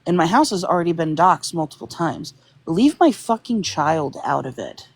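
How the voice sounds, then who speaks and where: A woman's voice: fairly low pitch, sing-song, normal speed, husky. A young adult woman on a livestream chat, upset and venting in a casual way. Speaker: live stream participant.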